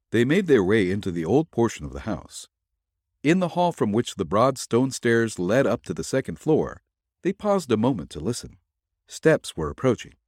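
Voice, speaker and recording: A man's voice: on the low side, slightly rough, no echo, clean studio sound. A man narrating a detective ghost story as podcast host, reading expressively and dramatically.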